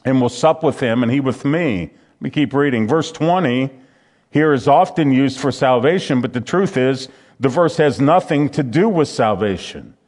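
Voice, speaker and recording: A man's voice: on the high side, darkish tone. A man preaching a sermon, reading scripture aloud and commenting on it with frequent restarts.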